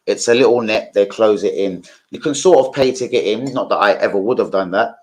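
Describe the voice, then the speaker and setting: A man's voice: fairly low pitch, brisk, a little mellow, rough recording. A young man, chatting casually on a live football stream, rambling and swearing with many fillers.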